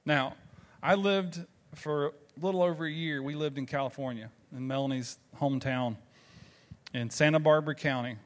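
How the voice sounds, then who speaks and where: A pastor from the Southern United States, with a Southern American accent, preaches a sermon, telling stories conversationally and tossing rhetorical questions to the congregation. His voice is fairly high and moderately paced.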